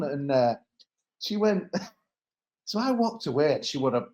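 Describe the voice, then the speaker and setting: Animated East Midlands man, pod regular, rambling anecdotes, echoey room. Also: on the high side, unhurried. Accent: English East Midlands. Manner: rambling storytelling with laughs. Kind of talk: casual podcast chat.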